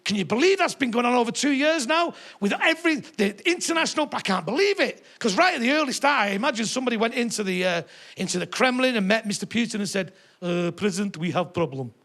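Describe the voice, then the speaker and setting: A middle-aged northern English stand-up comedian rambling through his set with sardonic, sweary banter. His voice sits high for a man and has a gravelly, fry-laden edge. The delivery is loose and conversational. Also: animated, fast, a bit bright. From northern England.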